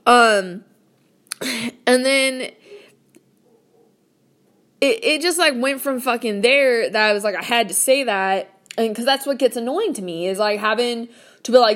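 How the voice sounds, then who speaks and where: A woman's voice: on the high side, expressive, normal speed. Blunt, foul-mouthed woman in her late twenties. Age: late 20s. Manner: blunt, heavy swearing, lots of "like". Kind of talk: casual storytelling rant.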